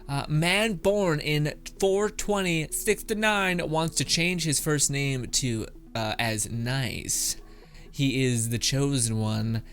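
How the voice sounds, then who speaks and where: A man's voice: fairly high pitch, takes it slowly, fairly bright tone. A man reacting to internet memes in casual commentary, laughing often, swearing, and rambling off into asides. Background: background music.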